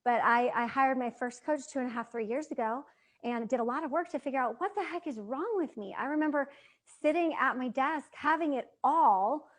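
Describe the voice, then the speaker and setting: A woman in her thirties giving an earnest motivational talk to an audience, repeating phrases for emphasis. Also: high-pitched. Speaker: motivational speaker.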